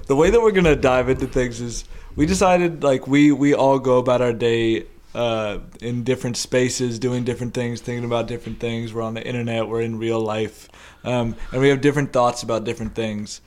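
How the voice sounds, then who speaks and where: A young adult man co-hosting a casual podcast, talking in a halting way with many ums and restarts. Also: medium pitch, steady tone, a little mellow. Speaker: podcast co-host.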